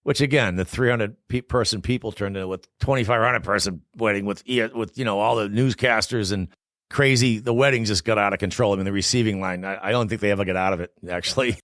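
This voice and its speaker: A man in his sixties from Boston, a guest telling lively stories in a casual interview and acting out what people said. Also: fairly low pitch, fast, no echo, clean studio sound. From Boston, United States. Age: 60s. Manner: animated storyteller who acts out quoted voices. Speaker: guest, former Olympic hockey player.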